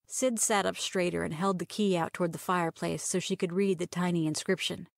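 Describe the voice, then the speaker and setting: A woman reading a romantic short story aloud as narrator, in a measured storytelling manner. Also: on the low side, creaky, no room sound, clean studio sound. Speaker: audiobook reader.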